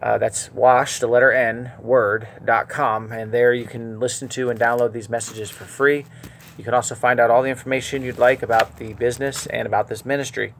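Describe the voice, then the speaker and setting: A man preaching a verse-by-verse Bible teaching, earnest, moving between quiet asides and emphatic, stressed lines. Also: medium pitch, vocal fry, a little hiss or hum.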